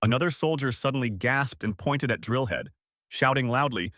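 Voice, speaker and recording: A man narrating a comic recap story in scripted, animated storytelling. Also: medium pitch, moderate pace, no echo, studio quality.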